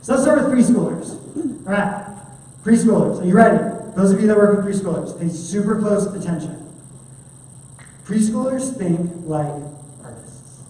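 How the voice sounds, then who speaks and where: A woman giving an animated conference training talk to children's ministry volunteers, chatty and full of fillers. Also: mid-range voice, normal speed, a little hiss or hum. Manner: chatty, animated, many fillers, acts out quotes. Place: large church hall. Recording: echoey hall from far off.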